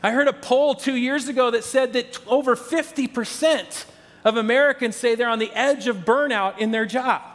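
A man preaches to his congregation in a high, light voice that rings out with a long reverb through a big church space. His delivery is loose and conversational. He restarts phrases and talks straight to the people in front of him. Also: moderate pace, fairly bright tone. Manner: conversational, repeats words, addresses the congregation directly. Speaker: pastor. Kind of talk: sermon.

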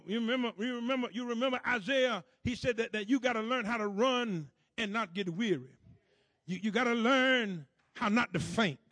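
A man's voice: very high-pitched, no echo. A man preaching a sermon, fervent and rhythmic, with repeated phrases and call-and-response to the congregation.

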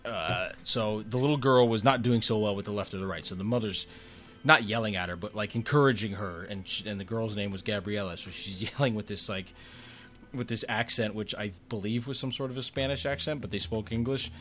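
A man's voice: on the low side, a little fast, a bit bright. A man co-hosting a podcast, telling a trip story in a chatty, rambling way, often restarting his sentences. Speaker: podcast co-host.

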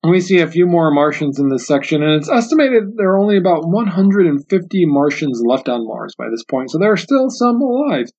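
Earnest man with a higher-pitched voice. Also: animated, darkish tone. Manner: earnest, reflective retelling with frequent restarts; slow, careful reading of passages aloud. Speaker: podcast host. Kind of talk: solo book discussion podcast. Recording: dull, muffled lo-fi audio.

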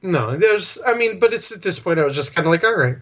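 A man with a slightly raised pitch chats casually about films, often stopping and restarting as he gathers his thoughts. His audio is a little dull and lo-fi, as though through a modest mic. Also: animated, fast talker, a bit bright. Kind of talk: casual chat about movies.

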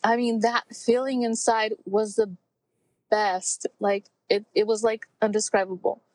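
A woman in her forties talks openly as a guest in an interview. Her mid-pitched voice is heartfelt and reflective, with frequent pauses and fillers. The sound is dry and close, with no room echo. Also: little pitch movement, darkish tone. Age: 40s. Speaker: podcast guest. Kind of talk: candid personal interview.

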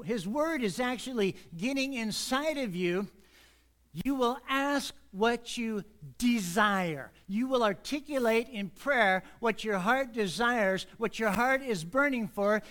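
A man preaching an earnest sermon in church, speeding up when he gets excited. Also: very high-pitched. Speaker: pastor.

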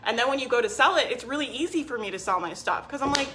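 A woman's voice: on the high side, animated, fast talker, pushed and bright, slight background noise. A woman business coach talking casually on a live stream, emphatic and persuasive, often saying "right?" and answering viewers by name.

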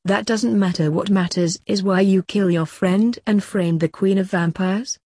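A woman's voice: medium pitch, steady tone, a little slow, dark tone, slightly rough, no room sound, studio quality. A woman reading the lines of a stern, cold old male grim reaper who works as a coroner in a short story.

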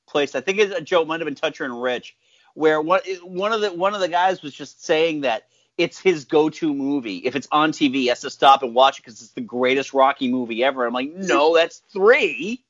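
A man hosting a casual group chat, animated and laughing often. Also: on the high side, brisk, no echo, highs cut off. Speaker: podcast host.

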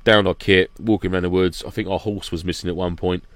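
A man's voice: sits low, quick pace, no room sound. A man telling stories in casual chat as a podcast guest, acting out what people said. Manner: animated storytelling, acting out quotes.

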